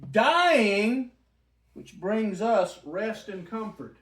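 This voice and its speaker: Slow, high-voiced man teaching a church group. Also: lively intonation, a bit bright. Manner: conversational, asks the group questions. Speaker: Bible study teacher. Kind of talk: interactive Bible teaching. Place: church room. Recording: roomy, from a distant mic.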